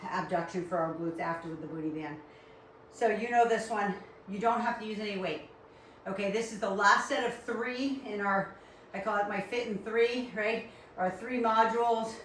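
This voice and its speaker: A woman's voice: medium pitch, slight background noise. Echoey Rhode Island fitness instructor woman. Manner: upbeat, encouraging, counts reps aloud. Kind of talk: live workout class coaching. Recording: very echoey room, far from mic.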